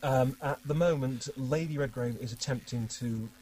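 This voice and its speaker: A man's voice: medium pitch, moderate pace, a little mellow, slight background noise, rough recording. A man running a tabletop game, narrating in a wry, chatty way and laughing often. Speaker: game master.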